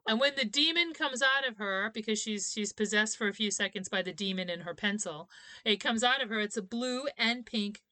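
A woman co-hosting a casual podcast, calmly explaining plot points and often laughing. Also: mid-range voice, moderate pace, dry recording. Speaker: podcast co-host. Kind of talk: casual fan chat about an anime.

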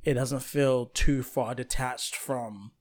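A young man with a mid-range voice co-hosting a relaxed podcast. He talks through his opinions in a measured way, pausing often with ums and uhs. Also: medium pitch. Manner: measured, hesitant, lots of fillers. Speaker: podcast co-host. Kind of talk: casual film chat.

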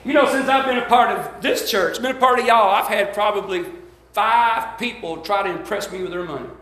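High-voiced Southern preacher man, fervent. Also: fairly quick, slight background noise. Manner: fervent preaching, rising to shouts and calling out to the congregation. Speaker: pastor. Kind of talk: sermon. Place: church sanctuary. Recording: roomy echo of a church hall.

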